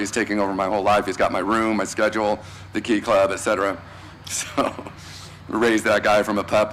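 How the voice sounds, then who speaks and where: A man's voice: fairly low pitch, rough recording. A male teacher giving a casual, slangy farewell speech at a graduation ceremony, thanking students one by one. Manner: warm, casual and slangy, addressing students by name.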